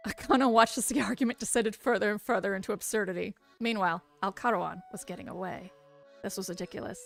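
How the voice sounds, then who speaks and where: A woman reading game narration aloud in an even storytelling manner. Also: medium pitch, fast, vocal fry, soft background music. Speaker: let's-play narrator.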